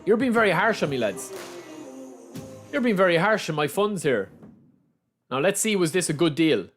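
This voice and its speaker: A young Irish man giving chatty, excitable live commentary as he plays a game on stream, calling out to his viewers. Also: high-pitched, normal speed, faint music behind. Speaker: gaming livestreamer. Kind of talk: casual live commentary over gameplay.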